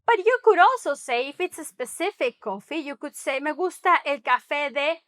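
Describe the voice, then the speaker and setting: High-voiced woman teaching Spanish. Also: animated, a bit bright. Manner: repeats example phrases slowly, switching between English and Spanish; chatty, thinks aloud with small asides. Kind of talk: casual language lesson.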